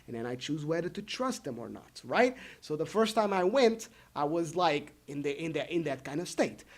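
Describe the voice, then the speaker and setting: A man telling a rant story to his viewers, acting out the people he quotes. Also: sits high. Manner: animated, acts out the people he quotes. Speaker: vlogger.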